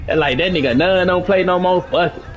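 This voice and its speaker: A man's voice: high-pitched, fairly quick, muffled recording. A young man streaming a basketball video game, coaching and scolding his teammates in casual, slangy, profane talk. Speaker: gaming streamer. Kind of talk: live gameplay chat with teammates.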